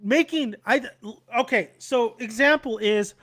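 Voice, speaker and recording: A man's voice: very high-pitched, a little slow, a bit bright. A young man hosting a casual chat about football, rambling, laughing and swearing freely. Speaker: channel host.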